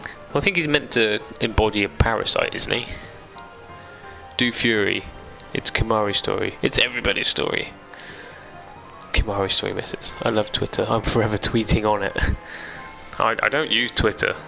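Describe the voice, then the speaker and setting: A man's voice: lowish voice, moderate pace, vocal fry, bright, forceful tone, low-quality recording. A young man streaming a game live, chatting casually, reading viewer comments aloud and laughing easily. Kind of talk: casual live-stream chat over gameplay. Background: game music.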